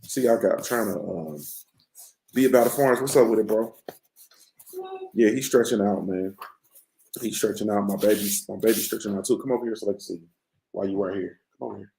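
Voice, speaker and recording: Male show host, low and gravelly, relaxed and rambling, recorded at home on a computer mic in an echoey room. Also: a little fast, pauses often. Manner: laid-back, rambling, slangy. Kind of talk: casual morning-show chat.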